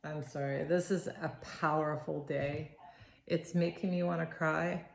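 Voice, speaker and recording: Slow, low-voiced woman reading tarot in awe. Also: fairly even intonation, creaky. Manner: awed, halting, with frequent sighs and restarts. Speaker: tarot reader. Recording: roomy echo with faint noise.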